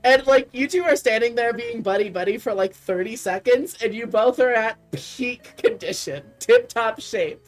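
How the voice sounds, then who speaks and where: A woman narrating as game master, relaxed and chatty, with frequent fillers and laughs. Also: a little high, normal speed, few pauses, soft background music.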